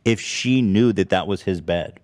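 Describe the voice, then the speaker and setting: Casual male host, thirties, low voice, animated storyteller who laughs easily. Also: moderate pace, dry recording. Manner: laughs often, animated retelling with put-on quotes. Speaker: podcast host.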